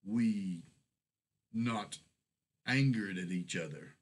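A man doing a frail dying elf scholar. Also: on the low side. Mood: earnest. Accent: broken speech with heavy foreign accent. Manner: halting, broken phrasing.

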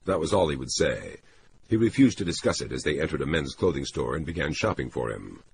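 A man doing scripted audiobook narration, expressive and voicing characters. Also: very deep voice, fairly quick, creaky, background noise.

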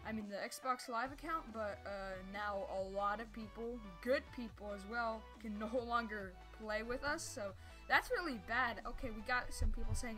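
A woman giving casual live gameplay commentary who rambles, gets sidetracked, stumbles over her words and breaks into sudden yelps. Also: on the high side. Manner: sudden excited yelps and squeals. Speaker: gameplay streamer.

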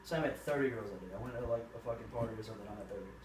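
A teenage man being interviewed, talking casually with loud, profane jokes and fast rambling. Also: lowish voice. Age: teens. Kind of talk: casual chat. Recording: roomy, distant, noisy.

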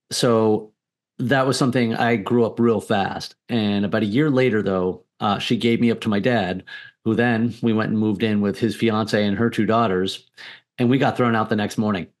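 Blunt, profane man telling his story. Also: on the low side. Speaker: podcast guest. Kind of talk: candid personal storytelling.

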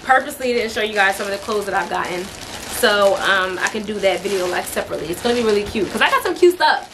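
At home indoors, a young beauty vlogger chats casually in an expressive mid-range voice, talking quickly and giggling, with lots of fillers like "like" and "um." The background is noisy.

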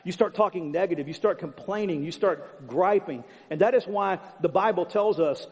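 Pastor, male, higher-pitched, punchy repetitive sermon delivery in a reverberant church hall. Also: normal speed, darkish tone. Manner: emphatic, conversational preaching with repetition. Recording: long hall reverb, dull sound.

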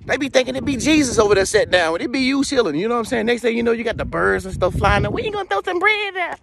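A man giving a casual motivational talk, animated and slangy, joking as he tells stories. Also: very high-pitched, fast talker, creaky, background noise. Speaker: motivational vlogger.

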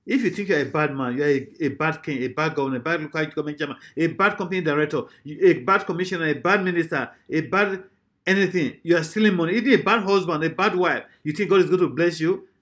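A man's voice: on the high side, fast talker, fairly bright tone. A male pastor, preaching a sermon emphatically, with repeated rhetorical questions.

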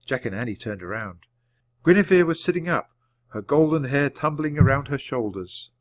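A man reading a children's storybook aloud at a natural, measured pace for learners. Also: mid-range voice, lively intonation. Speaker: audiobook reader. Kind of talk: storybook narration read aloud.

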